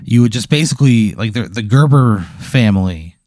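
A man improvising a rambling comic hypothetical in casual chat, dropping to a low deadpan for punchlines. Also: moderate pace, no room sound, clean studio sound. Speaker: podcast host telling a hypothetical.

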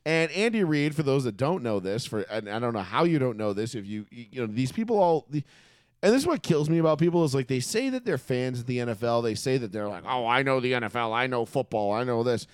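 A man's voice: mid-range voice, sing-song, fast talker, darkish tone, dry recording, studio quality. A man co-hosting a casual sports podcast, ranting and cursing, often breaking into laughter. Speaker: podcast co-host.

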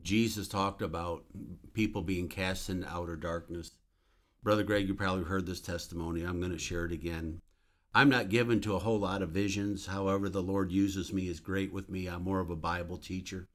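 Low-voiced man telling an earnest testimony. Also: steady tone, a little fast. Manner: earnest, emphatic storytelling with rising intensity. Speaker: minister sharing a testimony. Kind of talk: religious talk, testimony storytelling.

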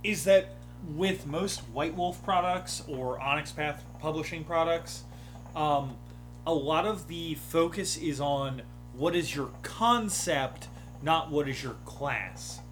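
A game master runs a tabletop game, chatting casually in an animated way, acting out lines from the table and swearing frequently. His voice is on the high side and slow, with faint music in the background.

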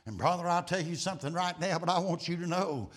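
An older man preaching a sermon, full of "uh" and "I tell you what", swelling to loud drawn-out peaks and dropping low. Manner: builds to loud, drawn-out peaks, then drops low and quiet.

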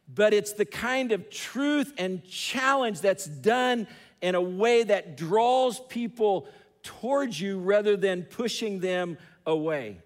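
A man preaching a sermon, telling a story with emphatic repetition, in a large church hall. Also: sits high. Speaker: pastor. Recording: long hall reverb.

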